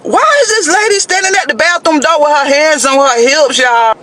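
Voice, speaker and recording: High, bright-voiced man telling a story. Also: moderate pace, a little hiss or hum. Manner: chatty, addresses listeners as y'all, dramatic asides. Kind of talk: animated casual storytelling to viewers.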